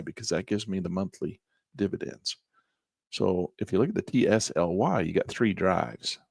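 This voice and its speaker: A man teaching trading as he walks through a chart, in a folksy, animated way with slangy asides. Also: low voice, moderate pace, creaky, husky, dry recording, clean studio sound. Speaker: trading instructor. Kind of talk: chart-walkthrough lesson.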